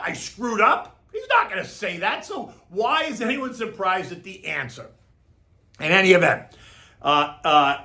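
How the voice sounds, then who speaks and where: A middle-aged man offers casual market commentary, then moves on to a recipe, speaking as a market commentator and home cook. He's chatty and emphatic, often tacking on "right?". His voice is high-pitched with a sharp tone.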